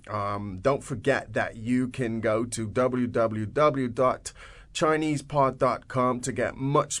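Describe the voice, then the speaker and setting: A man hosting a podcast language lesson, explaining phrases in English with halting restarts. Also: mid-range voice. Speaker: language teacher, host.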